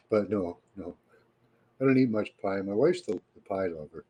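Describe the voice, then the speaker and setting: A man with a Canadian accent, hosting a live stream in a relaxed, rambling way and chatting casually with viewers. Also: fairly low pitch, unhurried, pauses often, husky, low-quality recording. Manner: relaxed and rambling, with frequent fillers. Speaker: livestream host.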